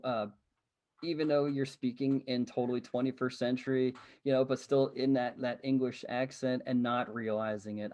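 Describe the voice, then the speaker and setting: Animated male guest telling stories. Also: medium pitch. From Pennsylvania, USA. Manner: animated, laughs often, many fillers like "um". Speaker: podcast guest, living-history interpreter. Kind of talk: casual storytelling in an interview.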